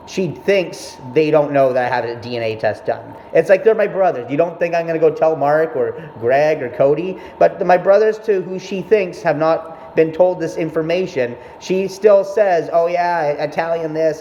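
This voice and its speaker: A man's voice: fairly high pitch, expressive, normal speed, mellow. A young man telling a rambling, profanity-laced story about his mother in a casual monologue. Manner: rambling, profane, self-interrupting. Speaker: vlogger. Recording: echoey, dull room sound with faint noise.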